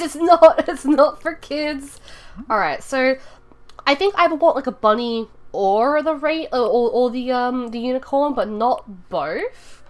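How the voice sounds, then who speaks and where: A woman streaming from her room, chatting casually with viewers and thinking aloud as she builds in a game, rambling and giggly. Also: on the high side. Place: home room.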